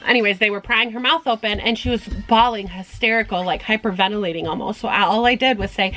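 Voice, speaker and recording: Bright-voiced chatty young mom. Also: female voice, a little high, quick pace, hardly any pauses, poor audio. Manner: chatty, many ums and restarts. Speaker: vlogger mom. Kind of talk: casual storytime vlog.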